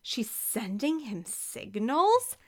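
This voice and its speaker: A woman voicing Eddie, a brash, scheming man who talks in a pushy, excitable way. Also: a little high, extremely slow, exaggerated voice.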